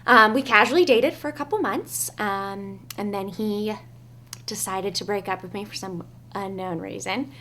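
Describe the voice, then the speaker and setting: A young adult woman, a bride, earnestly telling her love story and reading her wedding vows, with frequent "um" pauses. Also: medium pitch, sharp tone.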